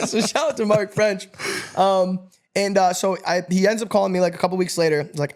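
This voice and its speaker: Fast-talking, excitable young man. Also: sits high. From upstate New York. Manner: energetic, animated, swears and laughs often. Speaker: podcast guest. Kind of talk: casual storytelling interview.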